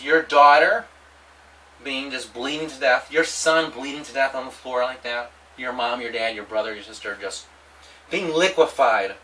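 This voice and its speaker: A man delivering a rambling, provocative monologue, halting often and restarting his sentences. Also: mid-range voice, pushed and bright, distant mic, low-quality recording. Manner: halting, with many restarts and repetitions. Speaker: vlogger.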